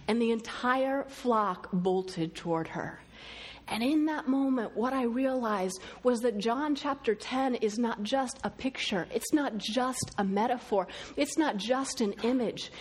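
Storytelling woman preacher, slightly high voice. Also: measured pace, breathy edge. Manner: storytelling, quoting others in lively voices. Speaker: speaker. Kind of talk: sermon.

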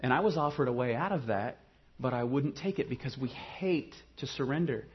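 A man from Ohio preaching a sermon, mixing humorous storytelling with quiet, earnest passages. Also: mid-range voice, expressive, moderate pace, husky, muffled recording. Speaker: pastor.

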